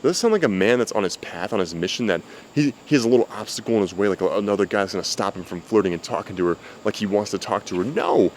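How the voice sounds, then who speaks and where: A man's voice: lowish voice, fast talker, few pauses, a little hiss or hum. A man giving blunt, profane dating advice in casual talk to camera, outdoors. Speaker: dating coach. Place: outdoors with cicadas. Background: faint cicadas.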